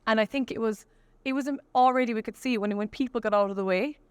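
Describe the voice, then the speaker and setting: Young kerry irish woman, singer guest, chatty and fast, laughs a lot, dry close mic. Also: fairly high pitch, clear, resonant tone, no room sound. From Killarney, County Kerry, Ireland. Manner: quick, chatty, laughs often, many restarts. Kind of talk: casual interview chat.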